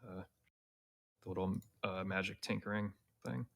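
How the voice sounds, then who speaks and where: A man's voice: deep voice, steady tone, moderate pace, gravelly. A man playing a tabletop role-playing game, joking and stammering a little. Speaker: player. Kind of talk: casual tabletop play.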